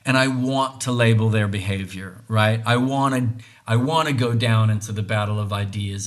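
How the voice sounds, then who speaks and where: A man's voice: on the low side, moderate pace. Earnest man musing aloud. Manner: earnest, restarts phrases, often adds "right?". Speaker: podcast host. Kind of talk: reflective monologue on relationships.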